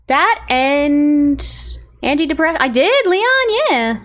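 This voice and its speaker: A woman's voice: sits high, animated, a little slow. A woman streamer chatting casually with her viewers and greeting them by name. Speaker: live streamer.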